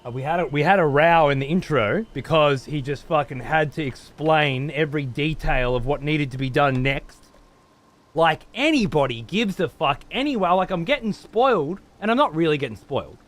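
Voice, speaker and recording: A man's voice: fairly high pitch, lively intonation, moderate pace, a bit bright. An Australian man streaming a game live, ranting and swearing heavily while he talks to his chat. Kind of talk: live gameplay commentary.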